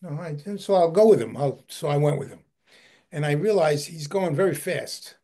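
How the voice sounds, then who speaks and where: Husky man, slightly high voice, animated storyteller on a video call. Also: brisk. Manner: animated, repeats words while telling a story. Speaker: historical society head giving a book talk. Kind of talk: anecdotal storytelling talk.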